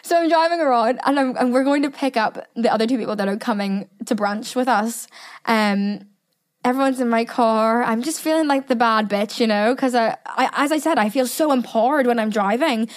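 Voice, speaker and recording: Her voice is a little high and her pace moderate as this young British podcast host tells a story in a relaxed monologue. She stays animated throughout, cursing freely and slipping in chatty asides.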